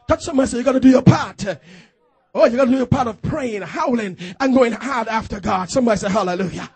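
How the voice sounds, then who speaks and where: A man's voice: extremely high pitch, quick pace, creaky, slightly rough. A man pastor preaching a fervent call-and-response sermon in a church, urging the congregation to repeat phrases after him.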